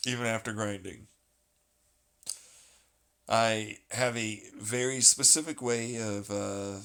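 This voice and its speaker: A man's voice: lowish voice, gravelly, a bit bright. A man talking casually and at length, ranting with plenty of swearing and a sarcastic edge. He rambles from point to point, restarting thoughts as he goes.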